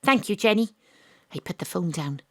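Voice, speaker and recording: An actress playing a brisk female investigator who narrates her own case in an audio drama, often dropping to a hushed, secretive tone. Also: fairly low pitch, animated, no room sound. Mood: narrating. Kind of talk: first-person radio drama narration. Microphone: home studio mic.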